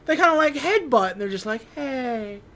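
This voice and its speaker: A woman's voice: high voice, big pitch swings, quick pace, sharp tone. A young woman hosting a podcast, casually recapping a film with lots of laughter and goofy quoted voices. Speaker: podcast host. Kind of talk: casual movie recap chat.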